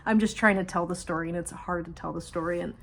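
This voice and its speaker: A woman's voice: on the low side, fairly even intonation, fast talker, gravelly, fairly bright tone. A woman vlogger telling a personal story in casual, rambling speech, slipping in humor and nervous laughs as she goes. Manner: rambling, many fillers and restarts.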